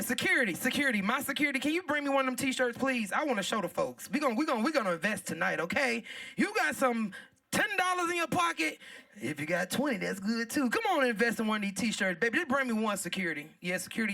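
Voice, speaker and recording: A woman hosting a live comedy show, loud and playful, laughing and talking straight to the crowd. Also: on the high side, creaky, distant mic. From Southern United States.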